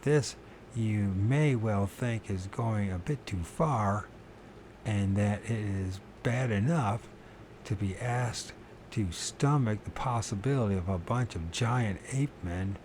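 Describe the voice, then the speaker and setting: A man's voice: lowish voice, slow pace, a little mellow, a little hiss or hum. A man reading a book aloud, stumbling over words and correcting himself, with casual muttered asides to his listeners. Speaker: channel host reading aloud.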